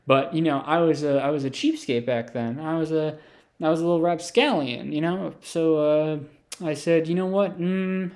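A man telling an absurd comic story in a rambling, deadpan way, full of asides and fillers. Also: fairly high pitch, moderate pace. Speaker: comedic storyteller. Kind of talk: improvised comic monologue.

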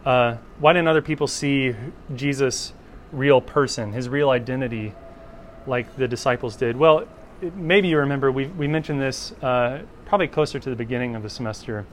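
A man's voice: mid-range voice, normal speed, slight background noise. A man teaching a Bible class in an informal lecture, talking conversationally and often checking in with "right?".

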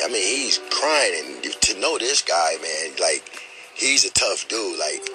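A young man from the States, speaking, tells a personal story. His very low voice rings bright and clear, but he stumbles and repeats himself, full of fillers and earnest feeling. Faint music plays softly behind him. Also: rough recording. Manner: halting, repeats words, many fillers; earnest and emotional.

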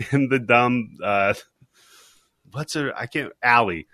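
A man co-hosting a podcast, chatting casually and recapping a movie scene by scene, laughing often and putting on quick voices for the characters. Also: medium pitch, sharp tone, no echo. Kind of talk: casual comedic chat.

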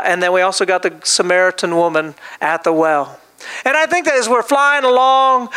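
A male pastor preaching a sermon, telling a personal story in a lively way with frequent restarts. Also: high voice, smooth.

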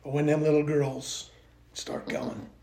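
A man's voice: a little high, little pitch movement, measured pace, a little mellow, reverberant. An older man talking earnestly with restarts as a podcast guest, speaking of faith and family. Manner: earnest, rambling with restarts, turns emotional. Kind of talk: casual interview chat.

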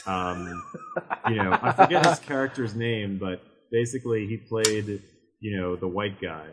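A man talking on a podcast as a co-host in a hesitant, halting way. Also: lowish voice, lively intonation, background noise. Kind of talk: casual podcast discussion.

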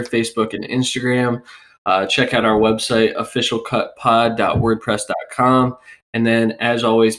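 A man in his twenties with a cold hosts a casual sports podcast, his voice rough and congested. He talks at an ordinary middle pitch in a loose, rambling way, full of fillers and easy laughs. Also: a bit bright. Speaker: podcast co-host.

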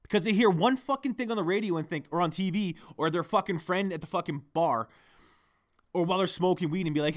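A man's voice: sits high, fast talker. A man hosting a solo podcast, ranting heatedly and swearing constantly into his microphone. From Canada. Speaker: podcast host.

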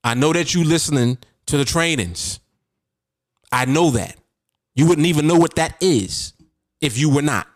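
A man's voice: a little high, normal speed, long pauses, no echo, studio quality. A man hosting a podcast, coaching his listeners in a casual, emphatic and repetitive way. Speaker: podcast host and trading coach. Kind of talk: casual motivational talk.

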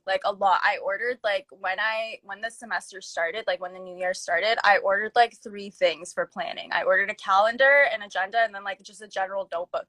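A woman's voice: mid-range voice, fairly bright tone, dry recording. A young woman co-hosting a podcast, chatting casually and filling her talk with "like". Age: young adult. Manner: chatty, lots of "like" fillers. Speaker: podcast co-host. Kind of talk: casual chat.

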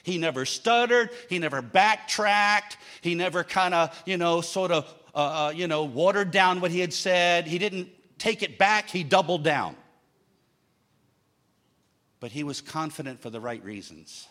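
Brief: male preacher, fairly high voice, emphatic sermon with jokes. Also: animated, measured pace, fairly bright tone. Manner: emphatic, with humorous asides.

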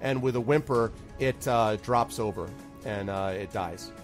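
A man's voice: lowish voice, measured pace, soft background music. Easygoing man running a tabletop game. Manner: loose, filler-heavy narration with frequent laughs. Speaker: game master.

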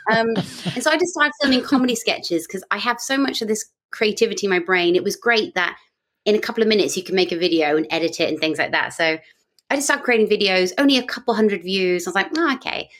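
A woman's voice: mid-range voice, fast. Chatty young British woman. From Britain. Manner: animated storyteller, breezy and self-mocking. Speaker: guest. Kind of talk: casual podcast chat.

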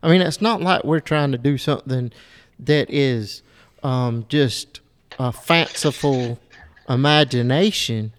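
Slow, halting Christian talk host. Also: male voice, medium pitch, big-room sound. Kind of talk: casual faith conversation.

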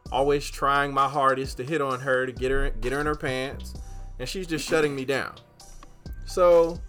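A young man with a bright, forceful voice tells a story on a podcast in a loose, casual way. He gets louder and higher as the story heats up, and faint music sits behind him. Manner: animated, gets loud and high when excited. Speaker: podcast host.

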